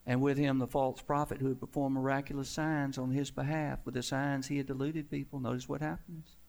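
A man delivering a sermon from the pulpit, his voice rough and gravelly at a middling pitch. He swells to loud emphasis, then stretches out his closing words and lets them fall. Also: flat delivery. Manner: preaching with emphatic swells and drawn-out endings. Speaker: pastor.

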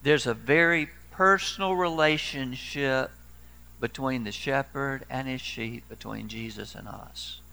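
A man's voice: medium pitch, measured pace, creaky, sharp tone. A man in his sixties, a pastor preaching a sermon in a folksy storytelling way with dry humor.

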